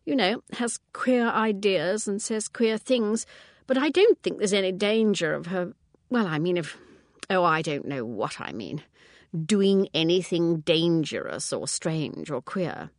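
An anxious older spinster sister, read by a woman in an audiobook, fretting and breaking off mid-sentence. Her pitch moves a great deal. The sound is dry and close. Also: big pitch swings, a little slow, no echo. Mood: fretful. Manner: fretful, trailing off, restarting. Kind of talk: audiobook character reading.

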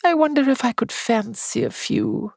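A woman's voice: fairly high pitch, huge pitch swings, moderate pace, creaky, a little mellow, no echo, studio quality, pitched above the performer's own voice, full character voice. A woman reader voicing a frail, self-pitying older invalid with a thin, weak, melancholy voice. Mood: whining, melancholy.

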